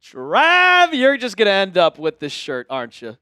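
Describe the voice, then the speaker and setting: A man's voice: high-pitched, huge pitch swings, moderate pace, bright, forceful tone, smooth, no room sound, studio quality, faint music behind. A man hosting a casual livestream who jokes around and talks to viewers by name. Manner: jokey, chatty, addresses viewers by name. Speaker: host.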